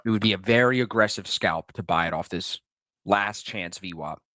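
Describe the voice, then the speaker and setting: A man's voice: low-pitched, moderate pace, sharp tone, no room sound. A man hosting a live day-trading stream, talking casually and joking, swearing freely as he reads the market.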